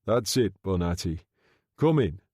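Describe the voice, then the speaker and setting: A man voicing a smooth-talking gangster undertaker who speaks low, soft and quietly threatening, in an audiobook reading. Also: animated, unhurried, dry recording, studio quality. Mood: menacing.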